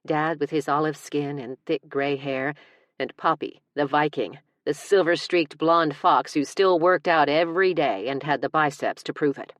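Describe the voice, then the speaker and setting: Brief: woman narrator with a deep voice, wry first-person comic storytelling, dead-dry studio sound. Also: normal speed, no room sound. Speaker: audiobook narrator.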